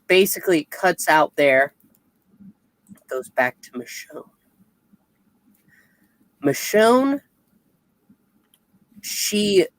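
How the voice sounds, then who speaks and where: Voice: mid-range voice, dry recording, low-quality recording. A comic review co-host in casual chat who retells scenes by acting out the characters' quoted lines.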